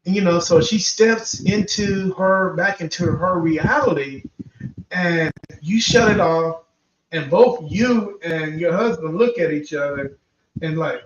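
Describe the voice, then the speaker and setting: A man hosting a paranormal podcast, casually telling a guest an animated hypothetical story and often calling her by name. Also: on the high side, measured pace. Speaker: podcast host. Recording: roomy, distant, muffled live stream with noise.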